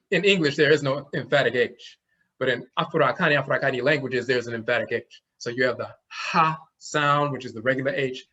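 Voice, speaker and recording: A man's voice: mid-range voice, fairly bright tone, slightly rough. A man giving a classroom lecture on an old script, explaining each sign and sounding out its letter. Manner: explanatory, demonstrates sounds aloud. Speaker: language teacher. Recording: dull lo-fi recording.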